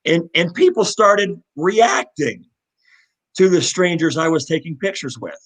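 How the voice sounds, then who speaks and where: A man's voice: fairly high pitch, a little slow, low-quality recording. A middle-aged man from Louisville telling his story as a guest, earnest and heartfelt, with many restarts. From Louisville, Kentucky. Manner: earnest, heartfelt, animated retelling with repeated restarts. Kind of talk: live interview storytelling.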